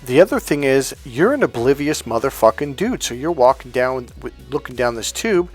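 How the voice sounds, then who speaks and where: A man's voice: mid-range voice, big pitch swings, moderate pace, husky, soft background music. A man talking as a dating coach in a profane, emphatic rant straight to his listeners. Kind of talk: monologue to camera.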